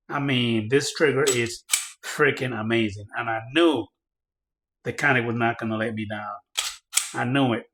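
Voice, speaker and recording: A man giving a casual hands-on product demo, chatting straight to his viewers and getting excited over the results. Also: medium pitch. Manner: chatty, addresses viewers directly, excitable when reading results. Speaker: firearms reviewer.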